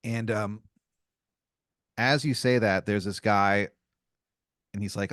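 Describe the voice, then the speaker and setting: A man's voice: on the low side, fairly even intonation, slow, pauses often, a bit bright, no echo, studio quality. A man hosting an improv podcast, narrating a made-up scene in second person with casual fillers. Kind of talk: improvised storytelling, game-master style.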